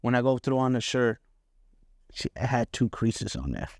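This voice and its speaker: A middle-aged man hosts a podcast, telling personal stories candidly and casually while swearing freely and often checking in with "right?" His medium-pitched voice is sing-song, creaky, and a little mellow at a moderate pace. It's a studio-quality recording with no echo.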